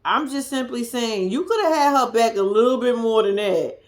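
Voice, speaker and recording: A woman giving a blunt, profane, animated recap of a reality TV episode, dropping to a hush at times. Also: fairly high pitch, normal speed. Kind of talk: casual commentary recap.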